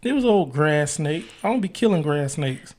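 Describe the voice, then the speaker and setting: A man's voice: a little high, lively intonation, normal speed, darkish tone. A man co-hosting a casual podcast chat with his wife, playful and given to dramatic emphasis. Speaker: podcast co-host.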